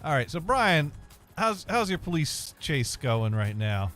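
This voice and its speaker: A man's voice: fairly high pitch, very animated, a little slow, fairly bright tone, faint music behind. Dry-joking man hosting a game stream. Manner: rambling, dry jokes, reads chat aloud. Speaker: streamer host. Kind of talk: casual gaming stream chat. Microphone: webcam and desk mic.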